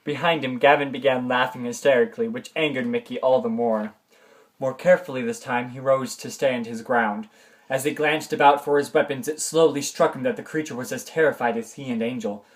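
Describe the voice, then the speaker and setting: Casual storybook reader, mid pitch. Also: fairly even intonation, fairly quick. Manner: reads steadily, breaks into laughter. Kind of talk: reading a childhood story aloud.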